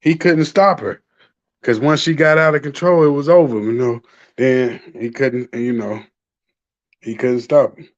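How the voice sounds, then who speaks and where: A man's voice: medium pitch, steady tone, unhurried. Laid-back man, dull lo-fi sound. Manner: laid-back, explaining in slang. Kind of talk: casual chat.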